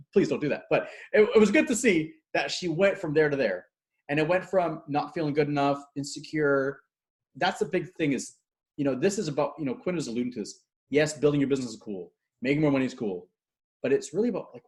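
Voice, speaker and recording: A man speaking as a guest coach in a casual video-call interview, energetic and acting out quotes as he tells stories. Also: a little high. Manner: fast, energetic storyteller, acts out quotes. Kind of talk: animated casual interview talk.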